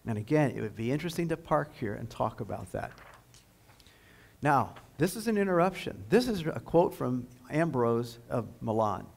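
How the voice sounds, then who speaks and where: Gravelly man giving an earnest lecture. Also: medium pitch, big pitch swings, moderate pace, low-quality recording. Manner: earnest, emphatic storytelling. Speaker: guest lecturer. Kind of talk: history lecture. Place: lecture at a high school.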